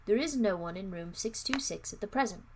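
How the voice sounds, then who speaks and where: A woman voicing a formal, polite male hotel clerk in a storybook reading, speaking in a measured way. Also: mid-range voice, lively intonation, slight background noise, natural voice. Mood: calm.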